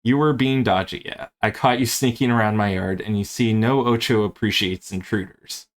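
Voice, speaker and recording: A man's voice: on the low side, normal speed, natural voice. A man voicing a brash, paranoid man cursed to be a spider, who is blunt and sweary as he taunts a captive. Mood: taunting.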